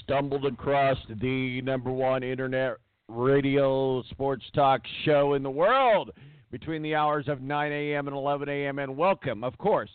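A man's voice: on the high side, clear, resonant tone, no room sound. A man hosting a sports talk radio show, opening with playful, grandiose showmanship. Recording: dry, tinny phone-like audio.

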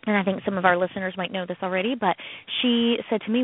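A woman co-hosting a casual radio chat, telling a story in an animated way and acting out quoted voices. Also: mid-range voice, fast, dry recording. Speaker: co-host, comedian. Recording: tinny phone-like radio sound.

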